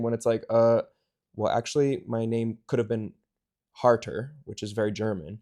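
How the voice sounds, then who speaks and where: A man's voice: lowish voice, steady tone, moderate pace, mellow. A young American man, a travel YouTuber, chatting casually as a guest and drifting into tangents. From United States. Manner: chatty, tangents, quotes people in put-on voices. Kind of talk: casual conversation.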